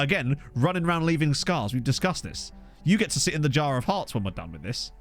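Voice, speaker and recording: A man in casual let's-play commentary, chatty and self-mocking as he thinks out loud at a desk microphone. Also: medium pitch, very animated, a little fast, faint music behind. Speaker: gaming YouTuber. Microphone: USB desk microphone.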